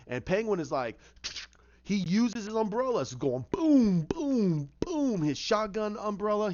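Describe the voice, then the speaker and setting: A man excitedly telling a movie idea as a casual story, acting out scenes with sound effects. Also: a little high. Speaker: fan pitching a film idea. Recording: muffled lo-fi recording.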